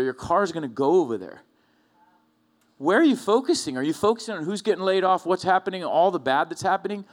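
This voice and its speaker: A man preaching a sermon as pastor, talking conversationally and checking in with rhetorical questions to the room. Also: mid-range voice. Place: church hall.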